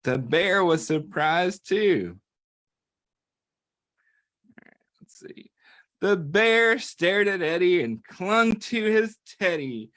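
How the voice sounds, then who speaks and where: A man's voice: high-pitched, takes it slowly, long pauses. A man reading a picture book aloud to young children, playful, often stopping to ask them questions. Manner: playful and animated, talks to children, asks them to join in. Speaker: children's story reader.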